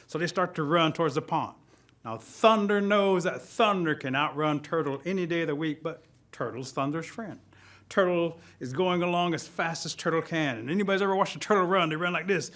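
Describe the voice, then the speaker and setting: A man telling a traditional animal tale in a lively, expressive studio storytelling style. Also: high voice, brisk.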